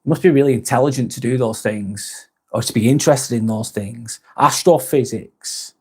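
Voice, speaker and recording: A man's voice: medium pitch, brisk, dark tone, slightly rough. A man from northwest England, hosting a live stream in a casual chat style, reading viewer comments aloud and replying in a friendly way.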